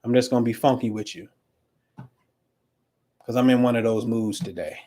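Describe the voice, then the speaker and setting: A man's voice: mid-range voice, unhurried, warm tone. A middle-aged man hosting a livestream as an astrology coach, talking in a slangy, emphatic way and repeating himself for stress. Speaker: astrology coach and show host. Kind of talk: casual livestream talk.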